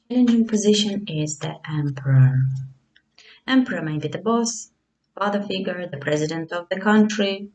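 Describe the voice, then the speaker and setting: Slow, musing woman reading tarot. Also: medium pitch, darkish tone, recorded from a distance, low-quality recording. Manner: slow, musing, hesitant with many fillers. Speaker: tarot reader. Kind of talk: casual tarot reading to camera.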